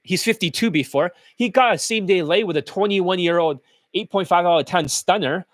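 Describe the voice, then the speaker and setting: Man, dating coach, profane rant, scornful, slightly high voice, dry sound. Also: a little fast, a bit bright, no room sound. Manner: blunt, crude and scornful. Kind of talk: profane ranting monologue.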